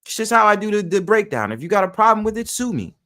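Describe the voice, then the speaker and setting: A man's voice: high voice, big pitch swings, fast talker, pushed and bright. Blunt, opinionated New man. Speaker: livestream host. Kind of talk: casual livestream talk.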